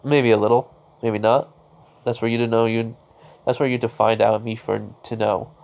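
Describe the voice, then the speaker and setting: A man voicing an irritated teenage boy who talks back loudly and sarcastically. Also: mid-range voice, flat delivery, moderate pace, vocal fry, close to an everyday voice. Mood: cocky.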